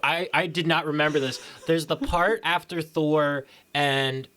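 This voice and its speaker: A young man co-hosting a podcast in casual chat, animated and acting out quotes with exaggerated voices. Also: a little high, measured pace. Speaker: podcast co-host.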